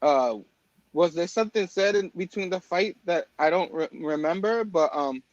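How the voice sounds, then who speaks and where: High-voiced man hosting a chatty show. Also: normal speed, no room sound, dull audio. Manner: rambling, many fillers and restarts. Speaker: podcast host. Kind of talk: casual chat.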